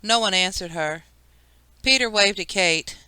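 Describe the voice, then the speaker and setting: Bright, crisp woman reading an audiobook. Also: mid-range voice, a little slow, no echo, rough recording. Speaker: audiobook narrator. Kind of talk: scripted audiobook narration.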